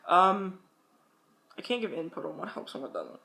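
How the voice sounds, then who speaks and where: A woman's voice: lowish voice, very animated, normal speed, gravelly, bright, forceful tone. A young woman vlogging casual advice, rambling and chatty and swearing freely. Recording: echoey room.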